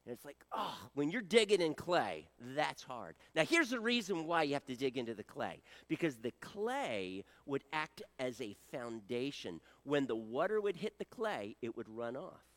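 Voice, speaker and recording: A man's voice: mid-range voice, very animated, normal speed, hardly any pauses, a bit bright. A middle-aged man preaching a folksy storytelling sermon, joking with his audience.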